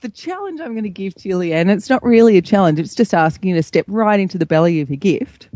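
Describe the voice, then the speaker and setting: A woman's voice: medium pitch, lively intonation, quick pace, warm tone, no echo. A woman hosting a radio chat show, encouraging her guest in a slightly rambling way. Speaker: radio host.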